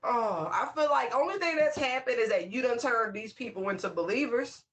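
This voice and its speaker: A tarot reader talking casually to viewers, excitable and laughing often, stretching out exclamations. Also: medium pitch, moderate pace.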